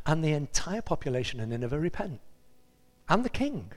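Animated male preacher in a reverberant hall. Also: a little high, brisk. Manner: animated storytelling, acting out the characters' voices. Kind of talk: sermon.

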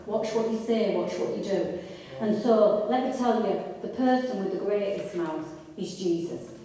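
A woman's voice: medium pitch, moderate pace, mellow. A woman preaching a sermon to a congregation, earnest and conversational, with frequent restarts and rising fervour. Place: church hall with congregation. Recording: echoey hall, voice from far off.

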